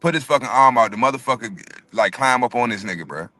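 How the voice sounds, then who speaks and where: Man, quick animated storyteller, bright tone, dry booth sound, casual and profane. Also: mid-range voice, no room sound. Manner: animated, profane, repeats words often. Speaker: podcast co-host telling a story.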